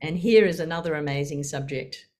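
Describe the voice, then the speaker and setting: A woman's voice: low-pitched, brisk, a little mellow. An older woman sharing a personal story, laughing often and acting out the voices in her quotes.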